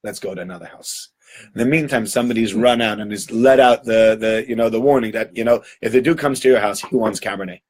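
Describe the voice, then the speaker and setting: A man's voice: medium pitch, steady tone, fast talker, a little mellow. A man teaching through a story in an easygoing, conversational way. He talks in loose, chatty sentences with frequent fillers and restarts. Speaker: Torah teacher. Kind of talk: storytelling holiday talk.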